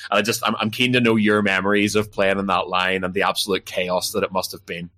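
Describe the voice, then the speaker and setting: A man's voice: deep voice, level tone, fairly quick, bright, forceful tone. A man hosting a podcast, asking questions in a playful, teasing way. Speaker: podcast host. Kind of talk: casual podcast interview.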